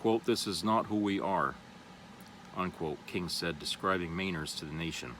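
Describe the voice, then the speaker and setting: Guy with a really low voice reading a news piece then just chatting, lots of "you know", little car noise in the back. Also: normal speed. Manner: loose and rambling, with many "you know" fillers. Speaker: vlogger. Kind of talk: reading an article aloud, then casual commentary.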